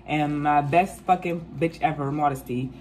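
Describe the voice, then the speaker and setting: A woman in her twenties telling a casual storytime, animated and profane, acting out quotes. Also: low-pitched, moderate pace, slight background noise. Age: 20s. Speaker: vlogger.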